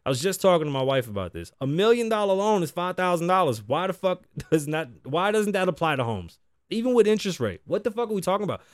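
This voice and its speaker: A man's voice: high-pitched, quick pace, dry recording, clean studio sound. A man, hosting a casual show and talking bluntly with lots of cursing. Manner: blunt, animated, heavy cursing. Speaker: podcast host. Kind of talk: profane casual commentary.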